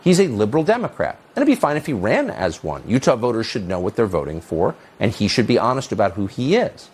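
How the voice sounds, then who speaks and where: A man's voice: sing-song, fast, a little mellow, slight background noise. A man hosting a cable news opinion segment, delivering a mocking, sarcastic monologue. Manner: mocking, sarcastic, pitch leaping on jeers.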